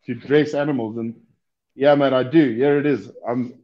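A man's voice: medium pitch, fairly even intonation, moderate pace. A man chatting casually as a podcast guest over a video call, swearing and joking. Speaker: guest knifemaker. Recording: dull lo-fi call audio.

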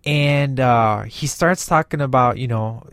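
A man's voice: medium pitch, a bit bright, no room sound. Enthusiastic man rambling about a movie. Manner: enthusiastic, rambling, acts out scenes in quick voices. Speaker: movie reviewer. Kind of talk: casual spoken movie review.

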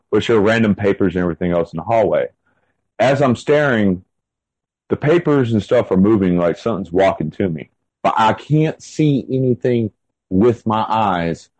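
A man's voice: lowish voice, a little mellow, dry recording, low-quality recording. Man telling a rambling story, dry sound. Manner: rambling, frequent "like" fillers and restarts. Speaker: interview guest. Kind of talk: casual storytelling.

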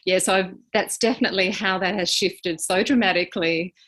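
A woman's voice: medium pitch, fairly even intonation, fairly bright tone. Aussie woman in her 50s, guest on a podcast, sincere and reflective, stumbles and restarts a bit. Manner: earnest, heartfelt, halting with restarts. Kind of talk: reflective interview answers.

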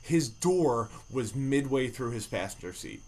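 Man, podcast co-host, lively swooping voice, joking banter. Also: mid-range voice, unhurried.

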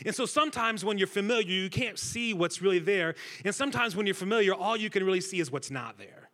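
Guest preacher, man, bright forceful tone, slightly high voice, jokes with the room. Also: fast talker. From Centralia, Illinois. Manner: energetic, joking, talks with the crowd. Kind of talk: sermon. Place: church stage before a congregation.

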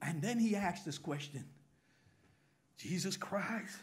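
A man preaching an animated sermon in a church, dropping to hushed whispers and rising to excited bursts. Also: sits high, slow. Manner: swings from hushed whispers to loud excited bursts, acts out voices.

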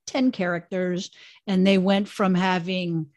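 A woman's voice: on the low side, fairly even intonation, measured pace, darkish tone, no room sound. A woman hosts a podcast and speaks frankly, offering blunt opinions in easy conversation. Her voice is recorded close and dry, with no room sound. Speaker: podcast co-host.

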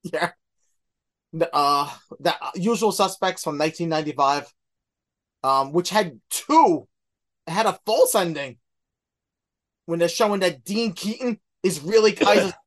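A man's voice: sits high, a little slow, pauses often, a bit bright. A man co-hosting a podcast, chatting about movies in a laid-back, hesitant way. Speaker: podcast co-host. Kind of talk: casual movie chat.

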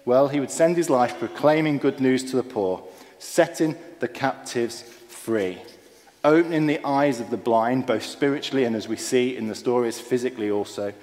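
A man preaching a sermon, earnest and emphatic, dropping low and soft on key phrases. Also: normal speed, big-room sound.

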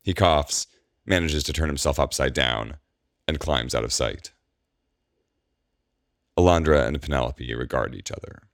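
Very deep, gravelly male narrator. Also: measured pace, pauses often, a bit bright, dry recording, studio quality. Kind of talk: audiobook narration.

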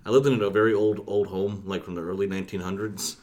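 A low-voiced man chatting on a podcast. He tells stories in a relaxed, rambling way, with lots of fillers and self-corrections. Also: fast talker. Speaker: podcast co-host. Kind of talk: casual chat.

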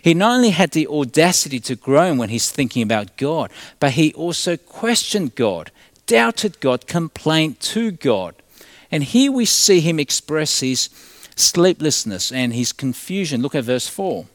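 A male pastor delivers a sermon with a lively, rising and falling voice. He leans hard into emphatic lines, then drops to a near hush. The sound is dry and close, with little room tone. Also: fairly high pitch, measured pace, no echo. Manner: expressive preaching, swinging from loud emphasis to hushed tones.

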